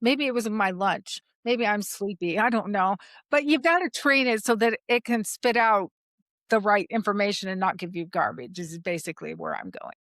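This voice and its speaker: A woman's voice: medium pitch, normal speed, no room sound, studio quality. Chatty woman podcast host. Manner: chatty, animated, tells anecdotes. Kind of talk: casual interview chat.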